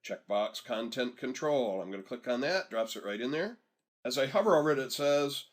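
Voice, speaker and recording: A man in a mid-range voice gives a screen-recorded software lesson. He talks steps through in an easy, conversational way and stops now and then to let learners follow along. It sounds like a desktop microphone. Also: medium pitch, lively intonation, moderate pace. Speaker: software instructor.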